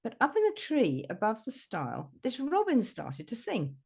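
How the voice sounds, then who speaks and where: A woman guest, a psychotherapist, chatting casually in an interview and telling animated stories with laughs and mild swearing. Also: a little high, moderate pace, creaky, breathy edge. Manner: animated storyteller, acts out voices, laughs and swears.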